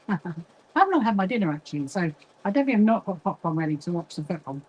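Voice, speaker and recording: A woman's voice: lowish voice, sing-song, fast, a little mellow, husky, lo-fi sound. A middle-aged woman hosting a casual sewing livestream, chatting, greeting viewers by name and getting easily distracted. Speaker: livestream host, quilting association founder.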